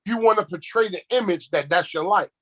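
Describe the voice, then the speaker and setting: A man chats casually. His voice sits high, and he tells streetwise stories, often repeating words as he gets going. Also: fairly quick, a bit bright, rough recording. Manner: streetwise storyteller, repeats words when starting. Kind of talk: casual chat.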